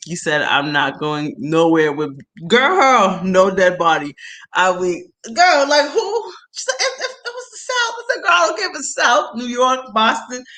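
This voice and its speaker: Bright-voiced woman telling a lively story. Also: low-pitched. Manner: animated, laughing often, talks in slang. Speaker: host. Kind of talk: casual storytelling chat.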